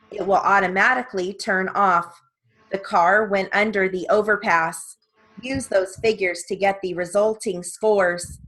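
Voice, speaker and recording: Woman reading slow, deliberate dictation. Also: mid-range voice, fairly bright tone, low-quality recording. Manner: reads word lists and sentences evenly, with short spoken asides. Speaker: dictation reader for steno practice.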